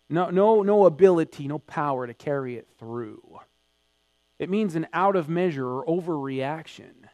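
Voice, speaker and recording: A man's voice: high-pitched, no room sound. Emphatic male preacher, dry hum. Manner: emphatic preaching, swelling louder in acted quotes. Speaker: pastor. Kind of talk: sermon.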